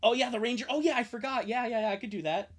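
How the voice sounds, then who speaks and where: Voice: mid-range voice, steady tone, rapid-fire. A streamer from Europe, chatting and rambling in a live stream and answering viewers between read-aloud passages of a fan comic. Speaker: streamer and fan dub reader. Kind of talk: live stream reaction and reading.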